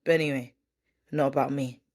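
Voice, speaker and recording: Speaking briskly in a very deep, slightly mellow voice with fairly even intonation, a woman vlogs candidly to camera. Her talk meanders with self-corrections and is partly read from a script.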